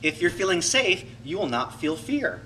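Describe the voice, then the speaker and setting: A man's voice: sits high, normal speed, distant mic, a little hiss or hum, poor audio. A man coaching a class in a reflective teaching talk, acting out inner voices to make his points. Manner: animated, acts out inner voices to illustrate.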